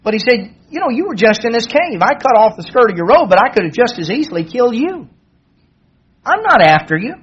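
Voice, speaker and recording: A man delivers a sermon in a plain, conversational way and lifts his voice to act out the lines of the story. His voice sits high and has a husky edge. The recording is dull and lo-fi. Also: very animated, fairly quick, a bit bright. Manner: conversational, acts out quoted dialogue in a raised voice. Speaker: preacher. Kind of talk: sermon retelling a Bible story.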